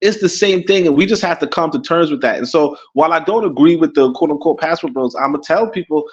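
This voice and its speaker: Caribbean guy rambling on a podcast, kinda high voice, laughs a lot, muffled lo-fi sound. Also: fast. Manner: rambling, animated, many restarts and laughs. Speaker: podcast co-host. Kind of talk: casual opinion talk. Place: in Africa.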